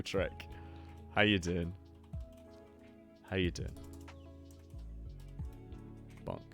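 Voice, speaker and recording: A young man hosting a casual live stream, excitable, swearing freely and greeting his chat. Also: lowish voice. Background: faint lo-fi music.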